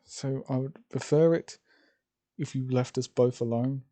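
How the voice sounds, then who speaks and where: A stern, protective young woman teacher, voiced by a man reading a fan story, firm and scolding. The voice stays in a middle register and keeps a very dark, mellow tone. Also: medium pitch, steady tone, unhurried, close to an everyday voice.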